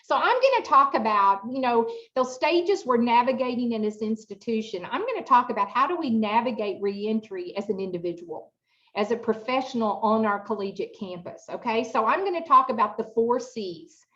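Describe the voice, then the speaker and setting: A middle-aged woman giving an interactive online workshop, chatty and expressive, asking the audience lots of rhetorical questions over a video call. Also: a little high, normal speed, dull audio. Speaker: workshop presenter.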